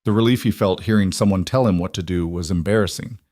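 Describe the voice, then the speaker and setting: A male storyteller reading a scripted family drama in a measured, even voice. His pitch sits on the low side, and the recording is dry and close with no room echo. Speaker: narrator.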